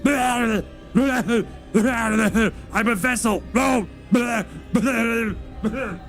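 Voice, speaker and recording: A man's voice: extremely high pitch, very slow, creaky, shouting, music in the background, voice pushed up, full character voice. A man putting on a parody of an indignant, doom-preaching political pundit who trips over his own talking points. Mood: flustered ranting.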